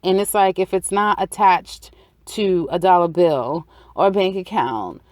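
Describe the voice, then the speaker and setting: A woman's voice: fairly low pitch, unhurried, a little mellow, no echo, clean studio sound. A woman giving a casual weekly tarot reading, chatty and repetitive, acting out people's inner thoughts. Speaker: tarot reader.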